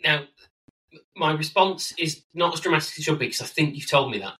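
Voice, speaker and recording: A man's voice: fairly high pitch, a little fast, pushed and bright, recorded from a distance, low-quality recording. A man co-hosting a wine podcast, chatting in casual banter and joking around with playful silly voices.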